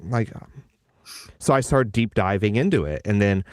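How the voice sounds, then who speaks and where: A voice actor, a man, chatting casually and telling animated stories, slipping briefly into character voices. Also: lowish voice, moderate pace, no room sound, studio quality. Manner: animated storyteller who slips into character voices. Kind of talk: casual conversation.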